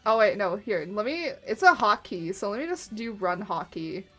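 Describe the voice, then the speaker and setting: A woman streaming live in casual chat, giggling often and muttering to herself as she clicks through software. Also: mid-range voice, sing-song, normal speed, faint music behind.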